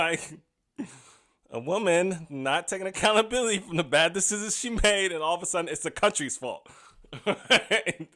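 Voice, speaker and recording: Man, comedic podcast monologue, chatty, laughs often, fairly high voice. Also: pushed and bright. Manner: chatty, laughs often at his own jokes. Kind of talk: casual comedic commentary monologue.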